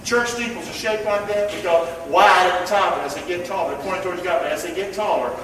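Emphatic high-voiced preacher in echoey hall. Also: male voice, fast talker. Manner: emphatic, calls to the congregation, swings loud and soft. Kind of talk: sermon. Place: church. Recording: echoey church hall from far off, faint ambience.

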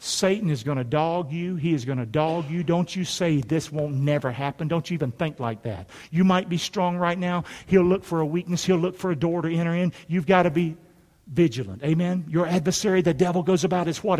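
A man's voice: on the high side, brisk, a little mellow. A middle-aged male pastor preaching a sermon in a church, folksy and emphatic, pulling the congregation into call and response. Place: church sanctuary. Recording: long hall reverb.

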